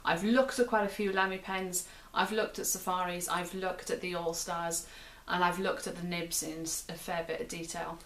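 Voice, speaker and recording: A British woman with a slightly low voice talks through a pen review in a relaxed, chatty way. She often repeats and restarts her phrases as she points out details. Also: moderate pace, hardly any pauses. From United Kingdom. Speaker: pen reviewer and show host. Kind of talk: casual product review.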